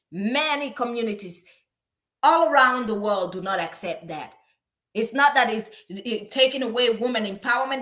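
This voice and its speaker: Woman, vlog host, opinionated celebrity commentary, outspoken and lecturing, fairly high voice. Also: sharp tone. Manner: outspoken, lecturing, with frequent stuttered restarts.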